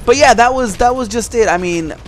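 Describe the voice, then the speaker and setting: A man's voice: very high-pitched, fairly quick, a little hiss or hum. A man talking to his viewers in a casual, rambling monologue, telling stories and giving his opinion. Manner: rambling, animated storytelling. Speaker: video blogger.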